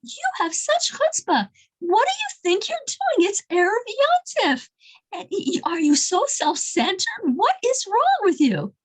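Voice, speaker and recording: An outraged man scolding a stranger in a checkout line, his voice climbing high and swinging wildly as he berates him, put on by a woman telling the story. He sounds shrill and exasperated. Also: lively intonation, measured pace, fairly bright tone, heavily acted, poor audio.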